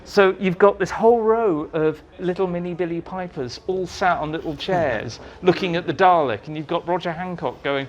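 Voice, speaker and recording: This man speaks high at a normal speed with few pauses, and the sound is lo-fi. He is a writer being interviewed as a guest at a fan society meeting, animatedly telling anecdotes and performing quotes in voices.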